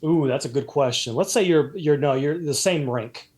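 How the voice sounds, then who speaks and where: A man's voice: on the high side, moderate pace, a little mellow. A man running a tabletop role-playing game as game master, narrating loosely with many fillers and restarts.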